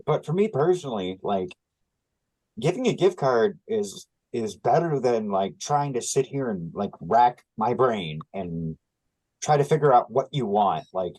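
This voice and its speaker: A man co-hosting a casual podcast, his pitch swinging wildly from low to high. He talks in an animated way and leans on "like" and other fillers. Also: moderate pace, low-quality recording. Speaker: podcast co-host. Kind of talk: casual chat.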